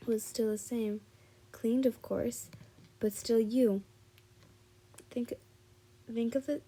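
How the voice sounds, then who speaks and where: A tired woman reading a fan fiction story aloud, slowly and with frequent restarts. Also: on the high side, steady tone, warm tone. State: tired and yawning.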